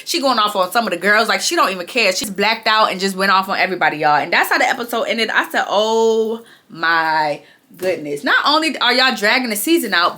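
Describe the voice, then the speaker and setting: A woman vlogger recapping a show in a casual, animated and emphatic way, stretching words and tossing in "okay?" to her viewers. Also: a little high.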